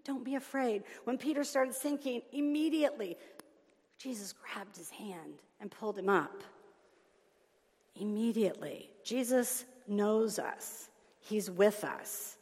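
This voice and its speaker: Woman preaching a sermon in a church, gets loud then goes real soft, long echo in the hall. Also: mid-range voice, slow pace. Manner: animated, swings between loud emphasis and soft hushed lines. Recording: long reverb of a large hall.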